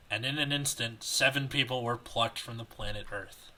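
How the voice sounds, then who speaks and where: A man's voice: mid-range voice, normal speed, hardly any pauses, bright, forceful tone, poor audio. A man co-hosting a podcast, chatting casually and reading a story aloud with small stumbles and self-corrections. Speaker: podcast co-host reading fan fiction aloud.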